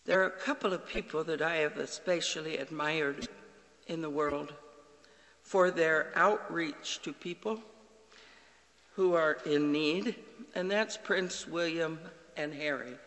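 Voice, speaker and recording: Male pastor, sermon delivery, bright slow voice with long reverb. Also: a little high. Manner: slow, earnest preaching with quoted dialogue.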